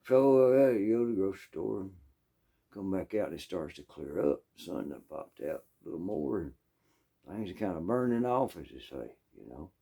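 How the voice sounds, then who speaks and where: A man with a Southern US accent telling a rambling, folksy story full of asides and throat-clearing. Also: deep voice, sing-song, normal speed, dark tone. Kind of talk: casual storytelling.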